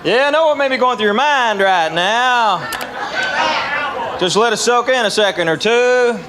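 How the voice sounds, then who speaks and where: A man's voice: extremely high pitch, animated, a little slow, noisy background. A man from Tennessee with a Southern accent doing stand-up, chatting with the crowd in a folksy drawl. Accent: Southern US, East Tennessee. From Tennessee, USA. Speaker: stand-up comedian. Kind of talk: stand-up routine. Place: comedy stage before a live audience.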